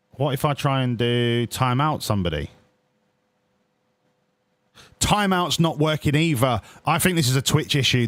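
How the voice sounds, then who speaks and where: A man's voice: mid-range voice, no echo. A young man streaming a football management game, talking casually with viewers and cheering his players, swearing often. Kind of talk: casual live-stream commentary.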